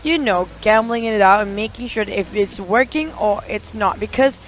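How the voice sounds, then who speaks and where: An esports caster chatting casually between matches, informal and quick to laugh. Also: mid-range voice, lively intonation, a little hiss or hum.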